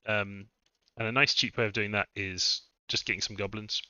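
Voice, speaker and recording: A man's voice: fairly low pitch, fairly even intonation, moderate pace, bright, forceful tone, smooth, no echo. A man thinking aloud as he live-streams a strategy game, musing over his moves. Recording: dull lo-fi dry mic sound.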